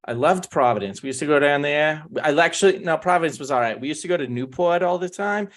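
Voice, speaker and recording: A man in a casual podcast chat, talking excitedly and swearing freely. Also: fairly high pitch, quick pace. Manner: excited, swears, rattles off names. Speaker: podcast co-host.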